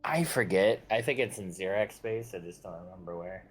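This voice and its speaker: A man's voice: sits low, a little fast. A man chatting casually while playing a game with a friend, rambling with hesitations and jokes. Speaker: fellow player. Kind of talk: casual gameplay chat.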